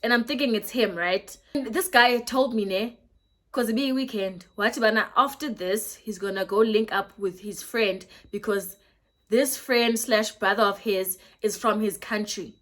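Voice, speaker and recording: A young South African woman in her twenties, telling a story in a casual vlog, lively and switching between English and Xhosa. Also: mid-range voice, normal speed. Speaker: YouTuber.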